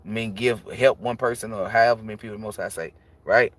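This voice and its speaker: A man's voice: fairly low pitch, steady tone, fast, a bit bright, no echo. A man who reads tarot, talking bluntly and casually on a livestream and preaching about energy with plenty of swearing. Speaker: tarot reader.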